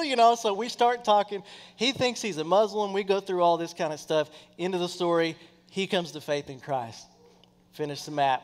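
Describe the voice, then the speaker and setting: A man with a fairly high voice preaches a sermon in a large church hall, and the sound rings with a long reverb. He tells his story with energy and acts out each person in it. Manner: animated, acts out quoted people in his stories. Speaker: pastor.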